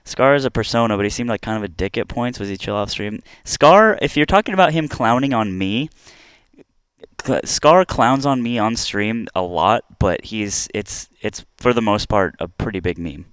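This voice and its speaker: A man's voice: on the low side, expressive, normal speed, fairly bright tone, clean tone, no room sound. A young man co-hosting a casual podcast, reading out chat questions, swearing and laughing often. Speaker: podcast co-host.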